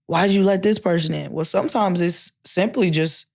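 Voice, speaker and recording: A man's voice: high voice, moderate pace, vocal fry, a little mellow. A man hosting a podcast, talking in a conversational way and backing up his guest with frequent affirmations. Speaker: podcast host.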